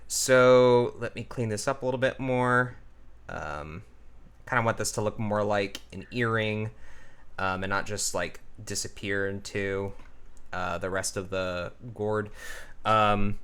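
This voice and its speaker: A man's voice: fairly low pitch, pushed and bright, clear, resonant tone. A man talking casually as he draws, thinking aloud with lots of ums while he explains character voices. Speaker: character designer and voice artist. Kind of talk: casual drawing and voice tutorial.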